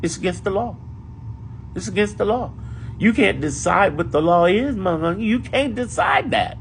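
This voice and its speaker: Animated, gravelly male political commentator. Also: high-pitched, normal speed, slight background noise. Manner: animated, emphatic and profane, repeating points for effect.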